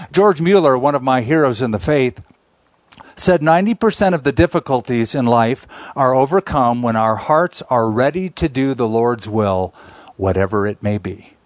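A middle-aged man, a pastor, preaching a sermon in an earnest way, slowing down to stress key points. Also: mid-range voice, no room sound. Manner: earnest preaching, slows down for emphasis, small restarts.

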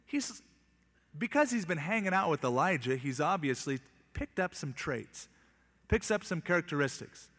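Man preaching, casual bible teaching, wry retelling, fairly high voice, long hall echo. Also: animated, normal speed, fairly bright tone. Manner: reads scripture then retells it in plain, wry modern terms.

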